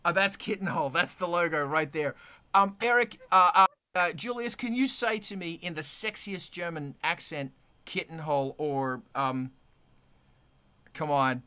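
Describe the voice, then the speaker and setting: A man hosting a casual livestream chat, talking in an animated, rambling way with restarts and swearing. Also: on the high side, moderate pace, clear, resonant tone. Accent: Australian. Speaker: livestream host, musician.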